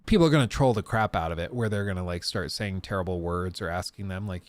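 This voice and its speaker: A man giving casual livestream commentary on a game demo, animated and joking with laughing asides. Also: low-pitched, quick pace. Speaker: streamer reacting to a game demo.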